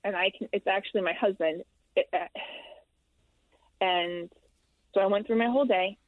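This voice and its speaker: A woman in her thirties, a guest in an interview, telling a personal story candidly and haltingly with frequent ums and restarts. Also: medium pitch, no room sound. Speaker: interview guest, military widow. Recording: dry, tinny phone-like line.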